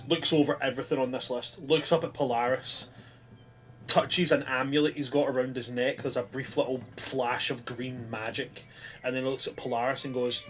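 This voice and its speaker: A man's voice: medium pitch, flat delivery, moderate pace, fairly bright tone, faint music behind. A man narrating a tabletop game as game master, rambling through lots of fillers.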